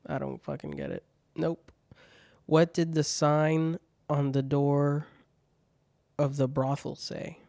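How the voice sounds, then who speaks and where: A man's voice: a little high, slow, creaky, long pauses, dark tone, no echo. A man hosting his own show, reading out viewer questions and jokes in laid-back casual chat, swearing freely.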